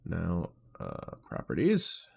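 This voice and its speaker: A man's voice: low voice, wildly swooping pitch, slow, gravelly, a little mellow, slightly rough. A man live streaming, frustrated as he fixes his setup, swearing and muttering to himself.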